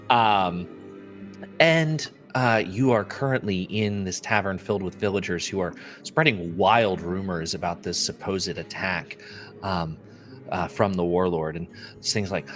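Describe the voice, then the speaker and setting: A man's voice: sits low, slow pace, fairly bright tone, faint music behind. A man narrating as game master, loose and laughing, with many fillers.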